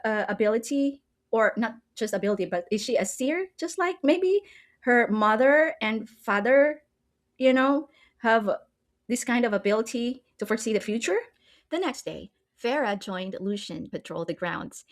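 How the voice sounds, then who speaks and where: A woman casually retelling a novel's story, full of fillers and rhetorical questions. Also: mid-range voice. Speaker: book recap creator.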